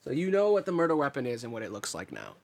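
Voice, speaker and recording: A man running a tabletop game as game master, describing scenes in a relaxed, rambling way. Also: mid-range voice, very fast, gravelly.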